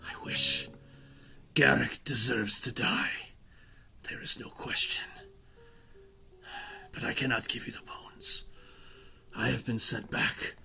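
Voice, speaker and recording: A man's voice: mid-range voice, takes it slowly, creaky, pauses often, sharp tone, faint music behind, full character voice. A man voicing a sorrowful undead male guardian spirit in a scratchy whisper, in whispered role-play. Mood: mournful.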